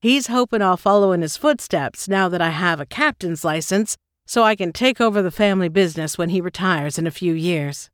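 A woman's voice: lively intonation, fairly quick, hardly any pauses, no echo, lightly acted. Woman reading a polite earnest young woman, storybook dialogue, dry close sound. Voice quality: described as deep with Southern accent. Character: young woman, boat hand, candid and polite. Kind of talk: audiobook character reading.

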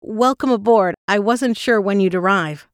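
A woman's voice: mid-range voice, moderate pace, smooth, no room sound, clean studio sound, lightly acted. A woman voicing a friendly, welcoming female boat captain in an audiobook. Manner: welcoming, hospitable. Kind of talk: audiobook character reading.

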